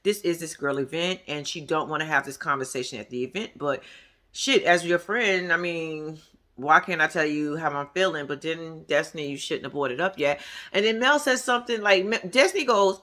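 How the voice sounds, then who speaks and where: A woman giving a casual, profane, animated recap of a reality show, acting out what people said. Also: low voice, moderate pace.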